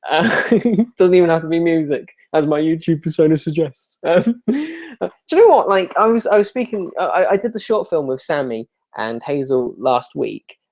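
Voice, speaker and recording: A man's voice: on the high side, expressive, normal speed, darkish tone. A young man with a self-deprecating, rambling manner, chatting casually while answering viewer questions live. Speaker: YouTuber hosting a live Q&A.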